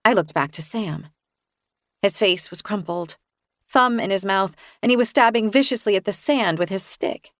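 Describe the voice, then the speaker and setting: A woman reading a first-person thriller aloud in an expressive, tense storytelling manner. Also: medium pitch, normal speed, no room sound, clean studio sound. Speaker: audiobook narrator. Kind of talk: first-person novel narration.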